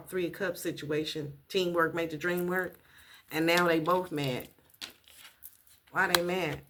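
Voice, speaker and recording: A woman's voice: lowish voice, fairly bright tone, slight background noise. Blunt, profane woman tarot reader. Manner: blunt, profane, emphatic repetition. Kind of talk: casual tarot reading to camera.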